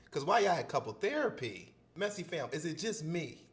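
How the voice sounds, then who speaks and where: A man's voice: on the high side, a little fast, hardly any pauses. A man, hosting and reacting casually to a story while talking straight to viewers. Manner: animated, talks straight to viewers. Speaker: reaction host.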